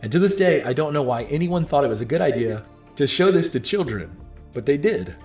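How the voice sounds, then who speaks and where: A man's voice: fairly high pitch, big pitch swings, brisk, a little mellow. Earnest man narrating a script over faint music. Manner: earnest, storytelling delivery with direct questions to viewers. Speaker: video narrator.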